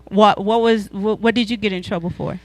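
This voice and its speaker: A woman's voice: medium pitch, fairly even intonation, fairly quick, darkish tone, no room sound, faint music behind. A woman hosting a youth podcast, asking questions in an encouraging way and repeating answers back. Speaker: podcast host. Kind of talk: casual youth podcast talk.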